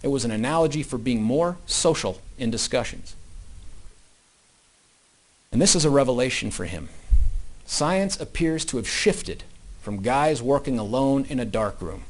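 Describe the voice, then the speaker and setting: A prosecutor in a courtroom giving an opening statement, telling it as a story with loud emphatic bursts and low, quiet asides. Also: male voice.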